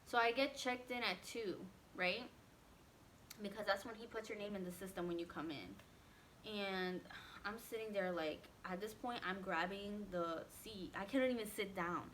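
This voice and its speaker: A woman telling a personal story in a casual storytime vlog, animated and acting out what others said, with many "like" fillers. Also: mid-range voice, moderate pace, a little hiss or hum. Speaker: vlogger.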